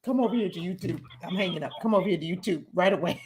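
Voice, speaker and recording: A woman's voice: fairly low pitch, racing, very noisy. A woman hosting a call-in show, talking casually and emphatically, repeating herself and cutting in on callers. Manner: emphatic, repetitive, interrupts callers.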